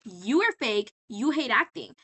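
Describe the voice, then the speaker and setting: A grumpy, cynical male demon bartender, as a woman mimics him in a recap vlog. He talks flatly and dismissively in her bright, sharp voice. The pitch sits a touch high. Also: a little slow, husky, exaggerated voice.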